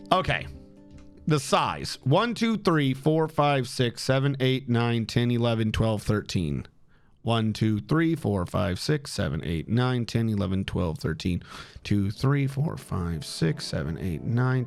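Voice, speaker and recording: Frustrated man muttering over gameplay. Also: medium pitch. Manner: frustrated muttering, counting tiles aloud. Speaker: streamer. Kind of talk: live gameplay commentary.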